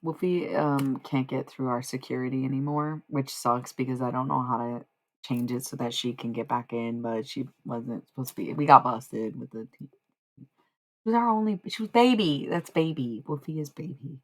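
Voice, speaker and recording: A live streamer talking loosely with the chat, swearing and laughing, with a gravelly fry under the voice. When reading the spiritual passages aloud, the pace slows into a deliberate, thoughtful delivery. The pitch sits in a middle range. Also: rough recording.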